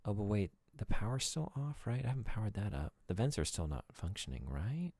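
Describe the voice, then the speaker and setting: A man's voice: lowish voice, big pitch swings, a little fast, a little mellow, no room sound. A male streamer chatting casually with viewers while thinking aloud through a game. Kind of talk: casual live-stream gameplay chat.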